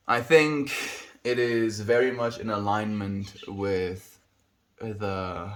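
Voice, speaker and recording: A man with a lowish voice chats casually on a live stream, answering viewer comments one by one. He speaks warmly and earnestly, leans toward spiritual ideas, and keeps calling his viewers "my friend.". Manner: warm and earnest, with a spiritual bent and frequent "my friend". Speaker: livestreamer.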